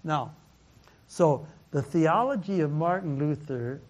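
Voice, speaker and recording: A slightly high-voiced male pastor gives sermon-style Bible teaching to a class, slow and halting in delivery. He often repeats himself, laughs a lot, and drops in bits of Mandarin.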